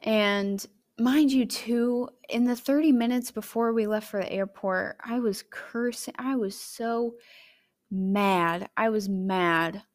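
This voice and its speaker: A young adult woman hosting a podcast, chatty and candid, telling a personal story with emotive jumps in pitch and loudness. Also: takes it slowly. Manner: chatty and candid, addressing listeners directly. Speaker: podcast host.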